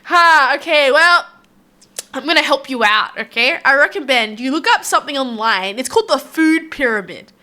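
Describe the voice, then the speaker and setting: An Australian woman chatting with her viewers in a live stream, rambling loosely from thought to thought and laughing often. Her voice sits high and bright, and it swings up and down with lots of life. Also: expressive, moderate pace. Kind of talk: casual chat with viewers.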